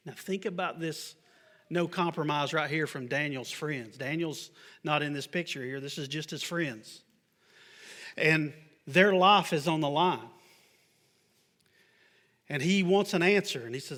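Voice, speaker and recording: A man with a somewhat high voice preaches a sermon to a church congregation. He reads scripture aloud and then explains it with emphatic pushes. Now and then he tosses the congregation an offhand, joking question. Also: moderate pace, fairly bright tone. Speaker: pastor. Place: church sanctuary.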